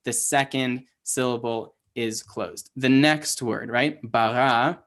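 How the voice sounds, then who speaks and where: A man's voice: medium pitch, slow pace, fairly bright tone. A man teaching an online class, explaining step by step, quizzing his learners and using many fillers. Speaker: Hebrew teacher.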